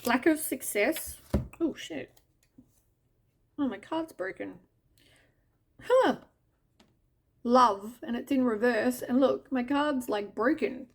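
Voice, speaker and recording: A woman reads tarot cards in a casual, chatty way, speaking to the listener as "you". Her voice sits a little high, and she takes her time, with unhurried pauses between thoughts. She mixes mild swearing and offhand asides into the reading. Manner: addresses the listener directly as you. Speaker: tarot reader.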